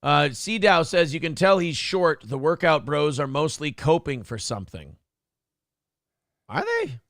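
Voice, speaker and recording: A man's voice: on the high side, huge pitch swings, measured pace, vocal fry, a bit bright, no echo, studio quality. A man hosting a casual show, joking crudely, laughing often and reading viewer chat messages aloud. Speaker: morning show host.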